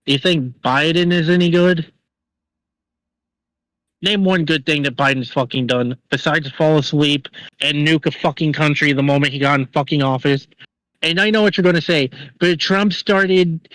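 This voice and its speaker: A man's voice: on the high side, a bit bright, no room sound, low-quality recording. A man co-hosting a livestream, delivering an angry, profane political rant. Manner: angry, profane, rapid ranting. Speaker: co-host.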